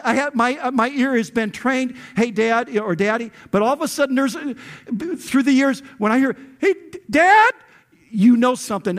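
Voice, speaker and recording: A male pastor preaching a sermon, often repeating words and building to passionate peaks. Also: on the high side. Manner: preaching with rising intensity, frequent repeated words.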